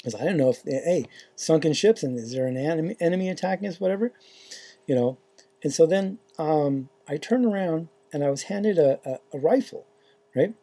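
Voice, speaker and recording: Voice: medium pitch, lively intonation, normal speed, dark tone. A faith vlogger casually retelling a dream, rambling and hesitant, with lots of fillers and restarts.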